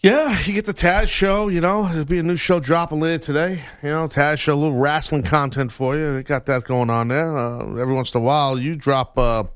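A man co-hosting a sports radio show, teasing his producer in animated banter and laughing often. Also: a little high, brisk, hardly any pauses, clear, resonant tone, dry recording, clean studio sound.

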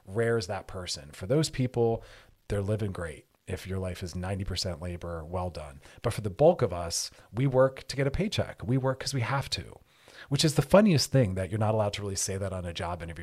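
A man hosting a radio advice show, speaking into a studio microphone. His voice sits a little low. He talks in an animated, lively way and slips into playful mocking voices when he imitates people. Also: fairly quick. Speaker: radio show host and therapist.

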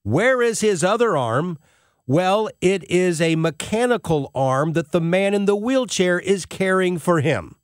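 A man's voice: sits high, animated, measured pace, no echo, studio quality. A middle-aged man hosting a show, telling a personal story in an emotional, tearful way. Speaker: host.

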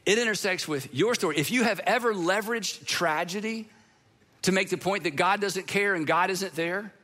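A man preaching a sermon in an earnest, emphatic way, repeating key phrases and slowing down sharply for emphasis. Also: sits high, bright, forceful tone. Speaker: pastor.

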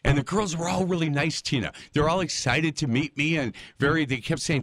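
An older man hosting a casual interview, telling stories in a folksy, animated way. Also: a little high, fairly quick, no echo. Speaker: interview host.

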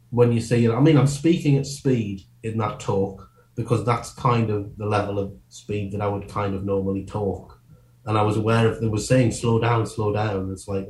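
Fast-rambling comedian in an echoey room. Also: male voice, lowish voice, a little mellow. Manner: quick, rambling, self-interrupting with many restarts. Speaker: comedian guest. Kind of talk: casual podcast interview.

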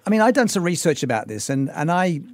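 A man's voice: a little high, sing-song, fast talker, no echo. An Australian man hosting a radio talk show, upbeat and chatty as he interviews a colleague. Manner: upbeat, chatty, laughs often. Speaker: radio host.

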